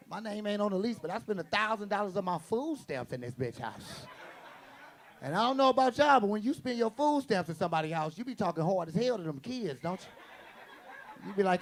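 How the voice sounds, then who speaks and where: A man performing stand-up comedy in a high, gravelly voice. His delivery is brash and profane, full of quick punchy lines and acted-out quotes. Audience laughter rises behind him. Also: lively intonation.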